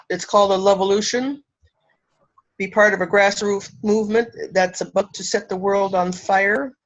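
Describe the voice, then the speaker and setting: A woman from Canada, a spiritual teacher and speaker, talking effusively and emotionally in an interview, laughing often and pausing for effect. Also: mid-range voice, highs cut off. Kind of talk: casual interview talk.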